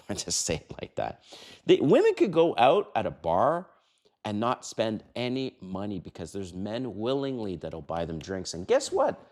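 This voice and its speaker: A man's voice: huge pitch swings, normal speed, darkish tone. Brash older man giving dating advice. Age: 50s. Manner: brash, emphatic, swears, mimics quoted lines in a higher voice. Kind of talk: casual talking-head advice monologue.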